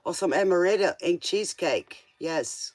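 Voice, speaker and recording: High-voiced man reading tarot cards. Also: expressive, normal speed, background noise. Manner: chatty and playful, with joking asides. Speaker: tarot reader.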